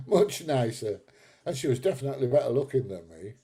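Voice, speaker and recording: A middle-aged British man hosts a live stream, chatting casually through viewer comments, laughing often and calling people mate. His mid-range voice is mellow and husky, with a British English accent.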